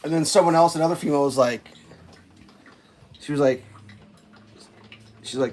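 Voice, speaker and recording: A man's voice: a little high, moderate pace, pauses often, darkish tone. A man on a casual livestream, telling a rambling anecdote full of fillers and restarts. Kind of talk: casual storytelling chat.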